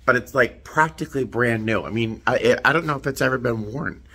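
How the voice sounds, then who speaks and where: A man's voice: mid-range voice, a little fast, bright, forceful tone, husky. A man in a casual vlog, chatting to the camera in a rambling, self-deprecating way from a hotel room. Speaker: flight attendant vlogger.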